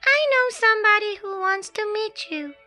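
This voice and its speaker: A woman putting on a squeaky, gleeful little goblin. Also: normal speed, pushed and bright, faint music behind. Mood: teasing. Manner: squeaky, sing-song and gleeful. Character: cheeky little male goblin, playful and teasing.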